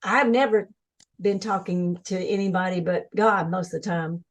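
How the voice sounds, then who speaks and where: A woman speaking as a webinar guest, telling her spiritual experiences with excited energy, restarting sentences as her thoughts rush ahead. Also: lowish voice, moderate pace. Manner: enthusiastic, spiritual, talks in bursts with restarts. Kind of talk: excited personal storytelling.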